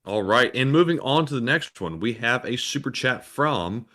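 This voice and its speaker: A man co-hosts a casual livestream and reads out viewer donations. His delivery is steady, like an announcer moving down a list. He adds a few plain remarks of his own between messages. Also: mid-range voice, moderate pace. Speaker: livestream co-host reading super chats.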